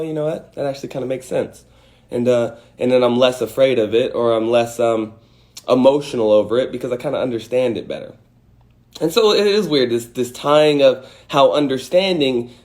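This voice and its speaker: A man's voice: medium pitch, darkish tone. A man hosting a livestream, giving a casual motivational talk and acting out angry and scared voices with some swearing. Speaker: host.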